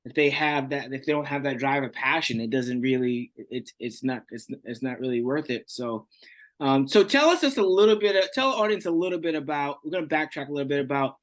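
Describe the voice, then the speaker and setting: A man's voice: mid-range voice, lively intonation, fairly quick. A man hosting a casual interview podcast, talking in a loose, enthusiastic way. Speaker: podcast host.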